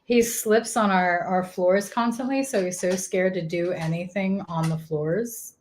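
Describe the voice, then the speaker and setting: A woman's voice: lowish voice, measured pace, darkish tone. A woman guest on a casual livestream chat, talking affectionately about her dog.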